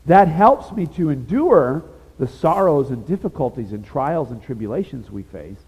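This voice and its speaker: A man's voice: a little high, very animated, normal speed, a little mellow, slightly rough. A man preaching a sermon in a conversational, emphatic way, with casual asides to his listeners. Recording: dull lo-fi sound with long reverb.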